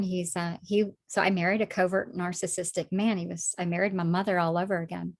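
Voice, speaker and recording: A woman sharing her personal faith testimony in conversation, animated when acting out past moments, soft and low when reflecting. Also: a little fast. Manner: animated storytelling, acts out her own past words.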